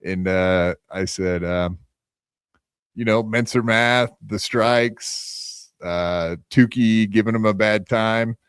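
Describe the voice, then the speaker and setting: A man's voice: fairly low pitch, slow pace, a bit bright, clean tone, no echo, studio quality. A man hosting a podcast in a loose, profane, rambling way, full of fillers and restarts. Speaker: podcast host. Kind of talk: casual podcast chat.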